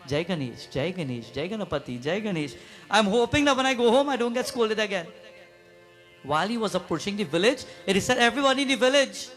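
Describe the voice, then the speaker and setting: At a prayer gathering, a high-voiced male pundit delivers a sermon built around a devotional story. He often poses questions to those listening and breaks into sung verses, and faint, gentle music can be heard in the background.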